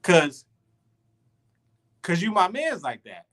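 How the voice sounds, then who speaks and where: A man's voice: high-pitched, slow. A man telling a story in a loose, slangy way during a casual podcast chat, with many restarts. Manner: animated, slangy, full of restarts. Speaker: podcast co-host.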